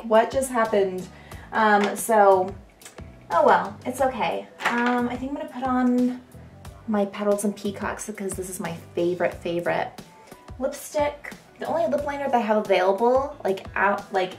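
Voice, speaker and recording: A young woman talks casually into her vlog camera at home, chatty and easily amused. Her voice sits at a middle pitch, with light music faintly underneath. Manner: chatty and giggly, frequent "like" and "um". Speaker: beauty vlogger.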